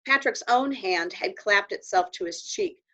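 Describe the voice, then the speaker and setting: A woman reading a children's novel aloud in an expressive storytelling voice. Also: mid-range voice, moderate pace. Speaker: audiobook reader. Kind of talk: children's book read aloud. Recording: dull lo-fi recording.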